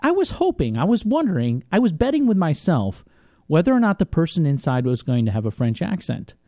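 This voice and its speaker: A man's voice: fairly high pitch, huge pitch swings, a little fast, mellow, no echo. A young man hosting a talk radio show, chatting casually in a studio and laughing often.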